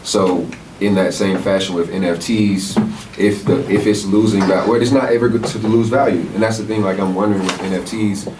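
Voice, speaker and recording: A man's voice: sits low, steady tone, brisk. A man in casual conversation, thinking aloud and asking questions. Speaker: music producer guest. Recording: roomy, distant mic, noisy background.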